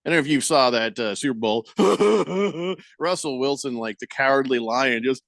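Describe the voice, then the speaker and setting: Rambling, animated male sports radio host. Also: medium pitch, normal speed, vocal fry, no echo, clean studio sound. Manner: joking, rambling with many fillers and restarts. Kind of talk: casual sports talk.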